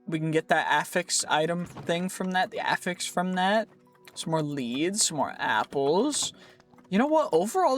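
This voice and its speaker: High-voiced man chattering over gameplay. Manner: chatty, rambling, restarts often, playful jokes. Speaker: gaming video creator. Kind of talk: casual gameplay commentary.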